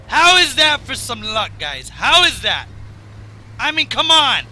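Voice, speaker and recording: A man with a raw, strained voice giving rambling, excitable commentary over a video game he is playing. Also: very high-pitched, takes it slowly, pauses often, rough recording. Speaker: gaming commentator. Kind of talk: casual gameplay commentary.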